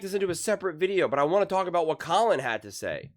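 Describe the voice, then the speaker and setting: A man's voice: sits high, big pitch swings, rapid-fire. A man ranting in a reaction commentary on sports, heated and repetitive.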